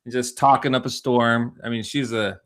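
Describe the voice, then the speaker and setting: Man, podcast co-host, relaxed, plainspoken, casual chat, dry remarks. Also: medium pitch, moderate pace, clear, resonant tone.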